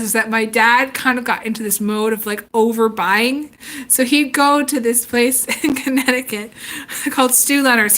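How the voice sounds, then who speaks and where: High, bright-voiced chatty woman. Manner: animated, laughs often, acts out quoted voices. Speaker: tarot reader chatting on a live stream. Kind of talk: casual storytelling chat.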